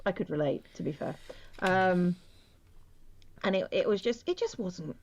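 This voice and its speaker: A woman's voice: fairly low pitch, expressive, measured pace, darkish tone. A woman chatting casually on a stream, rambling with dry complaints and frequent restarts. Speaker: streamer guest. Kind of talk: casual chat while drawing.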